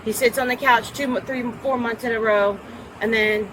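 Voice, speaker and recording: A woman's voice: a little high, fairly even intonation. A woman outdoors giving an agitated, repetitive, profane account of a domestic dispute to a deputy. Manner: agitated, repetitive, profane, rushing over interruptions. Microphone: officer's body camera. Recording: body camera audio with outdoor noise.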